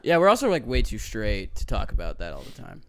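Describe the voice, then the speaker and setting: A man's voice: fairly low pitch, huge pitch swings, brisk. A man on a podcast panel, asking wry, needling questions. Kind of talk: casual podcast banter.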